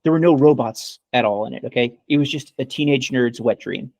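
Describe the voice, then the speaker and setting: A man's voice: mid-range voice, a little fast, creaky, a little mellow, no echo. A man co-hosting a podcast in casual chat, giving sarcastic mock praise and rambling with many fillers. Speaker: podcast co-host.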